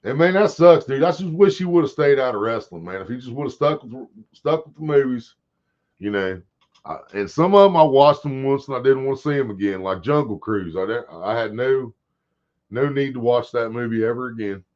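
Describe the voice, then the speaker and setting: A man's voice: medium pitch, animated, fairly quick, a little mellow. A man hosting a casual livestream, rambling and swearing as he talks to his chat. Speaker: livestream host. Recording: dull lo-fi stream audio.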